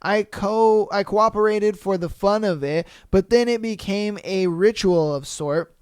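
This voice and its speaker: A young man with a high, smooth voice hosts a casual podcast, reading listener posts aloud and breaking in with loud, profane reactions. The sound is close and dry, with no room around it. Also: unhurried, dry recording. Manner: profane, animated reactions, laughs. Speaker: podcast host.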